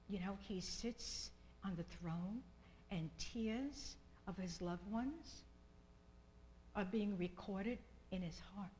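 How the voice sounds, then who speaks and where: Slow, fervent woman preacher. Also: medium pitch, a little hiss or hum, rough recording. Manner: fervent, repeats phrases, drops to soft whispers in prayer. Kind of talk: sermon.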